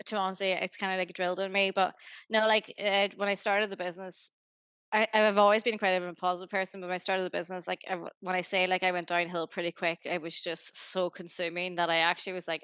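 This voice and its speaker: Northern Irish woman, podcast guest, upbeat motivational chatter, smooth voice, dry close sound. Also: lowish voice, a bit bright, dry recording. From Northern Ireland. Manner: upbeat, motivational, fast rambling with many "like"s. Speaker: guest, business founder. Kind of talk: casual podcast interview.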